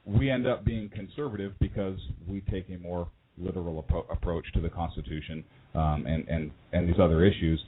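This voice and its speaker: A man co-hosting a talk radio show, explaining his views in a measured way. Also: low voice, fairly even intonation, breathy edge. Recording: phone-like line with noise.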